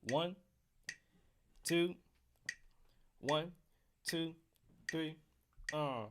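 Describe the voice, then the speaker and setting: Amid heavy background noise, an American man from the United States gives a live-streamed trumpet lesson on scales, speaking very slowly in a slightly high voice. He keeps things casual and jokes with the chat.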